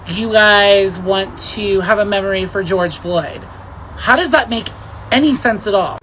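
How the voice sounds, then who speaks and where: A woman's voice: mid-range voice, a bit bright, a little hiss or hum, poor audio. Exasperated woman ranting to camera. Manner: exasperated, rhetorical questioning. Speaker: commentator. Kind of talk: indignant vlog rant.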